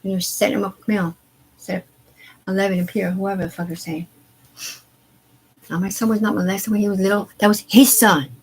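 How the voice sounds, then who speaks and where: A woman ranting on a live stream, agitated and profane, rambling in disjointed bursts that sink to quiet mumbling. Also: medium pitch, fairly even intonation, brisk, long pauses, a little hiss or hum, rough recording. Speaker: livestreamer. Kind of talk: unscripted live stream rant.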